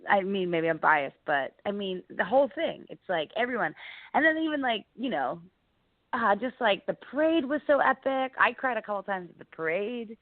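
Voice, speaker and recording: A woman's voice: mid-range voice, normal speed, dry recording. A woman comedian from Delaware County, Pennsylvania, telling stories in a casual radio interview and acting out other people's voices as she talks. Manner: animated, acts out quoted voices, frequent "like". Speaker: comedian guest. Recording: dry, phone-like narrow sound.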